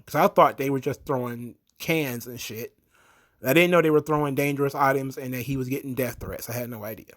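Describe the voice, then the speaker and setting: A man's voice: fairly high pitch, fairly bright tone. A man giving a blunt, opinionated, rambling commentary monologue as a show host.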